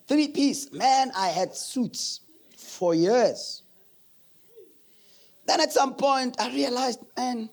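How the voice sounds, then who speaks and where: A man's voice: extremely high pitch, slow pace, gravelly, pauses often. A middle-aged man preaching a sermon as pastor, telling stories with laughter and acting out voices. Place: church.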